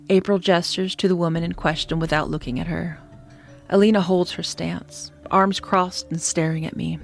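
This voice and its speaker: A woman narrating a scripted horror story in a steady, descriptive manner, sometimes dropping to a hush. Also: fairly low pitch, moderate pace, vocal fry. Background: faint background music.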